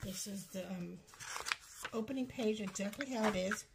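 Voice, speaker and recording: A woman's voice: mid-range voice, moderate pace, creaky, very noisy. A middle-aged woman from Ohio gives a casual, rambling show-and-tell of her craft project, with apologetic asides. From Ohio, USA. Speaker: craft vlogger.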